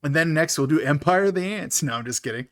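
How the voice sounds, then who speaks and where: A man's voice: on the high side, lively intonation, fast. Giggly man chatting about movies. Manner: laughs often, fillers like "like". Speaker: podcast co-host. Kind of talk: casual movie review chat.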